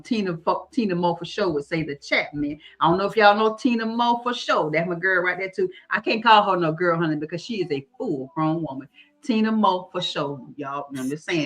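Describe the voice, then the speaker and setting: A woman's voice: on the low side, fairly bright tone. A middle-aged woman hosts a casual live-stream chat, talking folksy and calling listeners honey and baby. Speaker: host.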